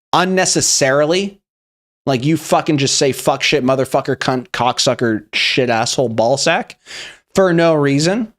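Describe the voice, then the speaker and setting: A young man hosting a meme review, talking in a casual, rambling, profane way. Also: a little high. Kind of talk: casual commentary.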